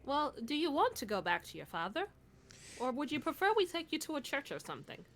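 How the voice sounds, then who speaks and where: Lively higher-voiced woman player. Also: brisk. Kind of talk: in-character tabletop role-play.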